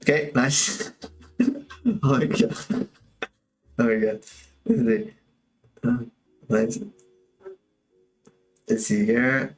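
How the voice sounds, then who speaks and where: A man's voice: medium pitch, slow, pauses often, faint music behind. Chatty male animator thinking aloud. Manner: casual, chatty, talks to himself while working. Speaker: animation instructor. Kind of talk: livestream tutorial commentary.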